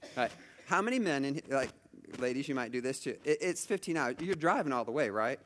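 A man's voice: medium pitch, animated, a little fast, fairly bright tone, big-room sound, a little hiss or hum. A middle-aged man preaching a conversational sermon, telling stories with lots of asides and restarts. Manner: chatty storytelling, many asides and restarts. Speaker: pastor.

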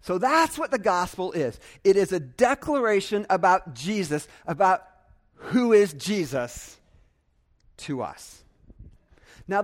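A young adult male pastor preaching a sermon earnestly and emphatically, repeating phrases for stress. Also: sits high.

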